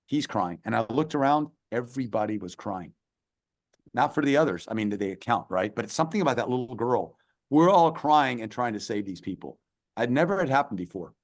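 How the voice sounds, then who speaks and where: Animated middle-aged man telling war story. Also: mid-range voice. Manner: animated storytelling, quoting others, emotional. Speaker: podcast guest, former Army Ranger. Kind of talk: personal war story in conversation.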